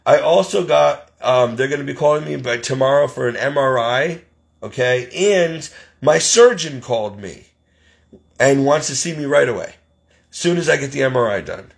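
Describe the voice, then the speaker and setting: A man's voice: medium pitch, moderate pace, gravelly. A man in his forties talking in a casual vlog, tearful and crying, rambling and exasperated. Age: 40s.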